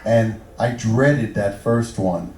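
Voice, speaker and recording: A man telling a long joke on stage and thanking fans in a relaxed storytelling way. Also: on the low side, slow. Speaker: band member addressing fans. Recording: echoey hall, distant mic.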